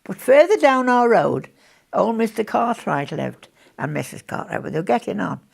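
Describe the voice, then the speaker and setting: A woman's voice: mid-range voice, sing-song, moderate pace, gravelly, a little mellow, husky. A woman, chatting as she recalls wartime memories in an interview and laughing often. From Birkenhead, England. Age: 80s.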